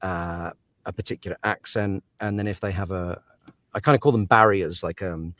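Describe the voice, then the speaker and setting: A man's voice: deep voice, normal speed, a bit bright, no echo, clean studio sound. A man who narrates audiobooks, talking through his craft in a casual interview, thoughtful and given to laughs and fillers.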